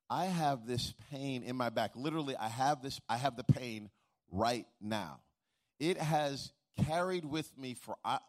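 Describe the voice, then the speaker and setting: A middle-aged man delivering a sermon. He tells a story with humor and stumbling restarts, then swells into a rhythmic, preacher's cadence. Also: medium pitch. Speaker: pastor.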